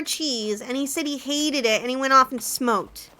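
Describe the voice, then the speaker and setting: A woman's voice: high voice, unhurried, pushed and bright. A woman streaming a farming game from home, chatting playfully with her viewers and the game's characters. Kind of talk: casual gameplay chat with viewers.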